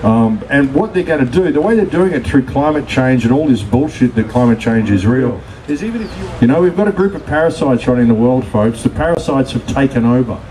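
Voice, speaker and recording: A man's voice: mid-range voice, expressive, brisk, a little mellow, low-quality recording. A man giving a blunt, profane, ranting conference speech, often addressing the crowd as folks. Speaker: conference speaker. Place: conference stage.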